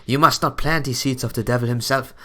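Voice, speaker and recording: A man's voice: medium pitch, fairly even intonation, fairly quick, fairly bright tone, natural voice. A man voicing a defiant young male executioner arguing in court, speaking firmly and earnestly with a raised voice.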